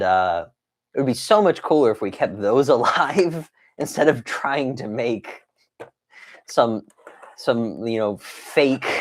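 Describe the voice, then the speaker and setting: A young man chatting casually on a live stream, rambling with lots of fillers and laughing as he reads viewer comments. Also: lowish voice. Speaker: toy collector streamer.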